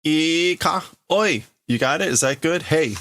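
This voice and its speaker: Brash, shouty young gang leader, high and loud, a man doing the voice. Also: animated, a little slow, slight background noise.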